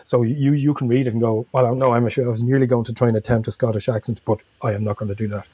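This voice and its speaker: Guy chatting on a podcast, mellow husky voice, kinda rambly, dry close mic. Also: mid-range voice, steady tone, quick pace. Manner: rambling, self-correcting, chuckles often. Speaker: podcast guest. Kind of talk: casual podcast chat.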